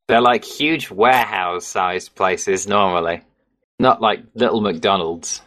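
A man's voice: fairly low pitch, a little slow, fairly bright tone. This is an English man with a Midlands accent and a plain, mid-range voice. He co-hosts a casual podcast and drifts through his points, poking fun at himself as he goes. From England. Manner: rambling, self-mocking, laughs easily. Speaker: podcast co-host.

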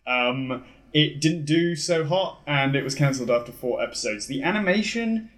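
A man with a slightly high voice, talking casually on a podcast among friends. He runs through background facts in a plain, matter-of-fact way and swears offhandedly. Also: animated, moderate pace, fairly bright tone. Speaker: podcast co-host.

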